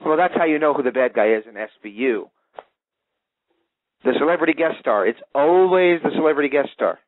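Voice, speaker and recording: A man's voice: fairly high pitch, expressive, a little fast, no room sound. A man hosting a wrestling talk show, chatting casually and rambling with restarts. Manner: rambling, restarts with filler words. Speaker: radio show host. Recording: tinny phone-line sound.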